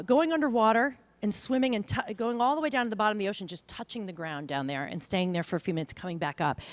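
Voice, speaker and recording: Middle-aged woman, conference keynote, lively swooping delivery, mimics people, dry sound. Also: mid-range voice, no room sound. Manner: animated, self-deprecating, mimics voices. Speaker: conference speaker. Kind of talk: keynote talk.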